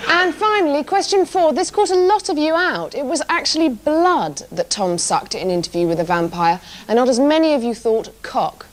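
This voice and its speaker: A woman co-hosting a comedy show, reading scripted links in a mock-bright presenter manner. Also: high-pitched, expressive, moderate pace, few pauses, a little hiss or hum. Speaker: co-host.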